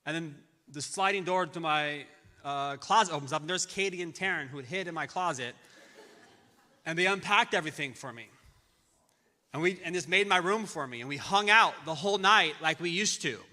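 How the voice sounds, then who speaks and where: A middle-aged man telling a personal tribute to a friend in a church, halting often and restarting his sentences. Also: a little high, bright, forceful tone. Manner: halting storytelling with many restarts. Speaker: friend giving a memorial tribute. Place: large church auditorium. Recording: reverberant church hall.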